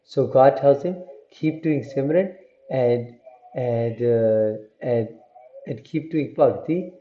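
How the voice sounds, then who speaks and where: Man voicing God, kind, reassuring, gentle teacher, roomy, lo-fi. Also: mid-range voice, takes it slowly, slight background noise, close to an everyday voice.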